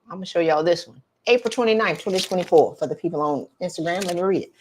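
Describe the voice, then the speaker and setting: A middle-aged woman, coaching viewers in an animated, direct, slangy way on a live stream. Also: lowish voice, fast talker, few pauses. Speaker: career coach for women.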